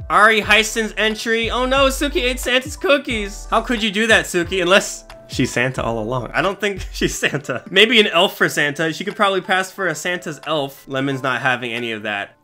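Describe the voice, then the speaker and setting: Lively, bright-voiced young man host. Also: high-pitched. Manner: enthusiastic, chuckles often, playful. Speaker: channel host judging an art contest. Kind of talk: casual commentary.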